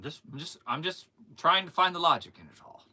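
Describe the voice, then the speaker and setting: Brief: animated male stream host, teasing and rambling, very bright, slightly high voice. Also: fairly quick, slightly rough. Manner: animated, jumps to sudden loud outbursts. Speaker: host of a live toy-selling stream. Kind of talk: casual live-stream chat.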